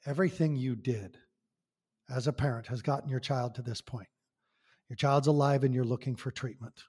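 Man, podcast guest, emphatic, rhetorical, husky voice, long reverb. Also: mid-range voice, fairly even intonation, normal speed, darkish tone. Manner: passionate, emphatic, rhetorical questions. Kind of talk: conversational podcast talk.

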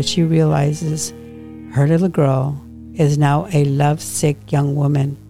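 A woman author and podcast host reads a chapter of her own novel aloud, slow and unhurried. Her voice sits low with a gravelly rasp, and faint guitar music plays behind her. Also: mellow.

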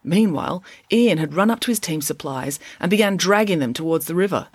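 Woman reading a children's book, lively. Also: on the low side, a little fast, husky, no room sound. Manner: expressive storytelling. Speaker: audiobook reader. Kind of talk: children's book read-aloud.

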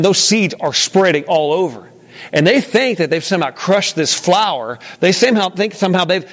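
A man leading an interactive Bible lesson, talking casually and putting questions to the room. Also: high voice. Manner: conversational, asks the room questions. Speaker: teacher leading a Bible study.

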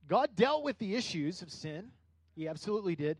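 A middle-aged man preaching a conversational sermon as a pastor, building into animated bursts. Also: high voice, moderate pace, slightly rough, dry recording.

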